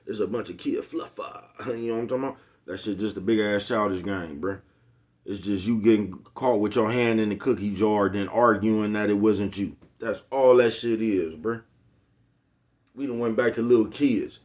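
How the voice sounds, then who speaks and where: Man with a lowish voice, rambling street-slang vlog rant, keeps checking in with the listener. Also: moderate pace, darkish tone. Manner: rambling, profane, keeps asking "you know what I'm talking about"; streetwise slang, repeats himself. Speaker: vlogger. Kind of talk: unscripted rant to camera.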